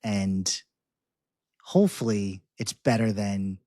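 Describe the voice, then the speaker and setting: Male podcast host, low voice, stop-start casual delivery, dry close recording. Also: dark tone, no room sound. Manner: halting, many restarts and fillers. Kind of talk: casual chat.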